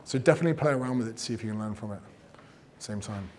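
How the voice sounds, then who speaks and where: A man giving casual, energetic advice on growing an audience, swearing freely and acting out what people say. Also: fairly low pitch, very fast. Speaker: fitness and business coach giving creator advice. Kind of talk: casual talk, teaching.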